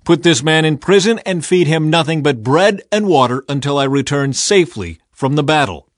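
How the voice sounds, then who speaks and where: An imperious, hot-tempered king barks his orders, as a man reading aloud puts him on. The voice swings up and down with lively pitch. The sound is dry and close. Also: moderate pace, no echo, natural voice. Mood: commanding. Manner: commanding, raises voice louder and higher. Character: angry, imperious male king of Israel.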